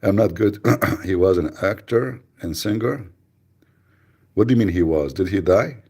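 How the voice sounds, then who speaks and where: A man hosting a live radio show, chatting casually with mocking, rambling, deadpan asides. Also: deep voice, measured pace, breathy edge. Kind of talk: casual joking livestream chat.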